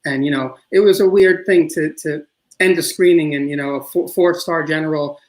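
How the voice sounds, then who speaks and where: A man's voice: a little high, fairly even intonation, moderate pace, rough recording. A middle-aged man with a New York accent, a filmmaker talking casually in an interview, rambling with many restarts. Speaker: filmmaker guest.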